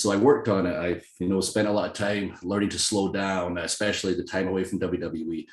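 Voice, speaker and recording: A Scottish man with a very low voice chats as an interview guest in a room with noticeable echo. He tells stories in a lively, self-deprecating way and laughs often. His accent is softened but still plainly Scottish. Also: a little fast. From Scotland. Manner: animated, self-deprecating storyteller who laughs often and acts out quoted voices. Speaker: guest, professional wrestler. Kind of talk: casual interview chat.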